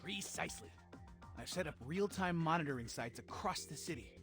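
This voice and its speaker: A man's voice: a little high, expressive, brisk, fairly bright tone, soft background music. A man voicing a brainy teenage turtle scientist who speaks in precise, technical terms. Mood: explaining.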